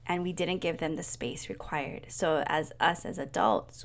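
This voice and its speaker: A middle-aged woman mentor speaking in an earnest, soft-spoken personal monologue, often dropping to a whisper. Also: on the low side, creaky. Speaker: mentor and coach.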